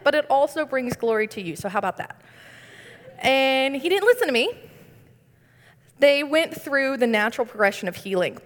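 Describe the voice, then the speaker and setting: A young woman giving a conversational sermon, earnest and sprinkled with light humorous asides. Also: high voice. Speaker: speaker giving a devotional. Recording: long reverb.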